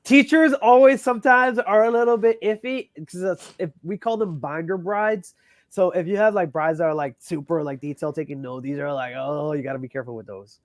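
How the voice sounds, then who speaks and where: Man, wedding DJ, animated profane storytelling, says bro a lot, fairly high voice, dry close sound. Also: brisk, dry recording. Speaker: wedding DJ guest. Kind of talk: casual storytelling chat.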